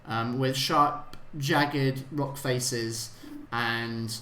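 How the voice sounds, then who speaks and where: A man's voice: mid-range voice, fairly even intonation, pushed and bright, slight background noise. Man game-mastering in a roomy room. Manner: halting, many fillers and restarts. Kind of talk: narrating a tabletop game.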